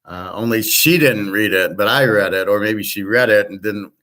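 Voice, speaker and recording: A man's voice: on the low side, moderate pace, sharp tone. A man hosting a show in a casual, rambling monologue, blunt and profane, often restarting his sentences. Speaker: show host.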